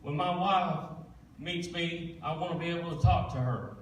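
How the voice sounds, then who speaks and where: A man's voice: on the high side, normal speed, a little hiss or hum. Folksy man in his forties, speaking from a distance in a reverberant sanctuary. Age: 40s. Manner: plain-spoken storytelling, folksy Southern phrasing. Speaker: guest speaker. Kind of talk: testimony in a church service. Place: church sanctuary. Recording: echoey church room, distant mic.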